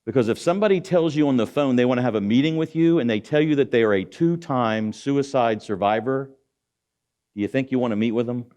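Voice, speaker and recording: His mid-range, darkish voice moves fairly quickly. He's a middle-aged guest speaker at an auditorium, preaching motivation and challenging the audience with rhetorical questions.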